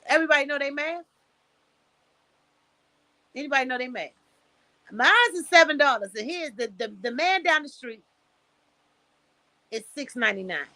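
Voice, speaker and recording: Blunt, bright-voiced woman streamer. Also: sits high, lively intonation, moderate pace, long pauses, no room sound. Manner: blunt, profane, preachy advice with storytelling. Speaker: livestream host. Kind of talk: casual livestream talk. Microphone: streaming setup, close mic.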